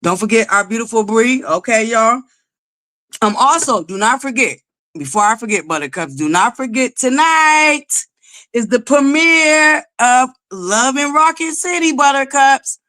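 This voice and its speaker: A woman's voice: fairly high pitch, expressive, unhurried, sharp tone. A woman hosting a live stream, chatty and swearing freely as she talks to her viewers. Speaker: livestream host. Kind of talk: casual live-stream chat.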